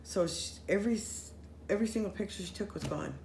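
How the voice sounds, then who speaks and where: A woman telling a story in casual chat with friends, animated, running her sentences together and acting out what people said. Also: mid-range voice, fast, gravelly. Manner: animated, acts out quoted voices, run-on sentences. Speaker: storyteller recounting a paranormal experience. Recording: roomy echo with faint noise.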